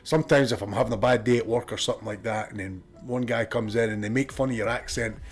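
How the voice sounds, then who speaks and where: A man's voice: mid-range voice, quick pace, husky. Scottish guy streaming a game, chatty and sweary, a bit sniffly, faint music behind. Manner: chatty, swears freely, laughs often. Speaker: gaming streamer. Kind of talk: casual live-stream chat and gameplay commentary.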